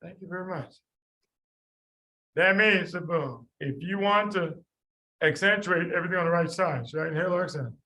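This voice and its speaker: Guy teaching a med class, pretty high voice, keeps calling on students and repeating stuff. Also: a little fast, long pauses, bright, forceful tone, low-quality recording. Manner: quizzing students by name, repeating key points. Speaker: medical exam tutor. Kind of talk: lively classroom teaching with drills.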